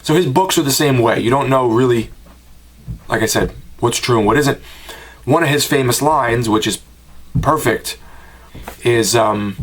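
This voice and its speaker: American guy, middle-pitched voice, casual film review, rambling, conversational. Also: measured pace, long pauses, fairly bright tone, husky. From United States. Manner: rambling, conversational, with personal asides. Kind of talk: casual home-video review.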